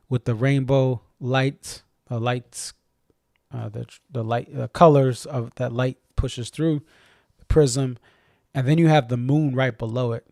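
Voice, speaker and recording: A man's voice: mid-range voice, a little mellow, no echo, clean studio sound. A man with a faint Boston accent, rambling and correcting himself as he hosts a casual live-stream chat. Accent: slight Boston. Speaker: stream host.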